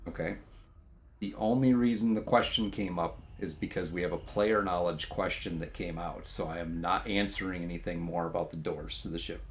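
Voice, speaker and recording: A man narrating as game master of a tabletop game, brisk and firm about the rules. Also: deep voice, steady tone. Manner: brisk, counts down time.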